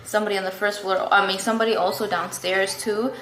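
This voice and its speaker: A young woman vlogs a story-time update from her apartment, rambling casually and filling her speech with "like" and other fillers. Her mid-range voice is a bit bright and steady, and she talks fast; the room is echoey with faint ambience.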